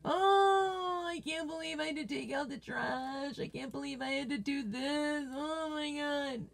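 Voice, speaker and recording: A woman's voice: high-pitched, a little slow, gravelly. A woman mimicking a whining little boy. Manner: whiny, complaining. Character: whining young boy complaining about chores.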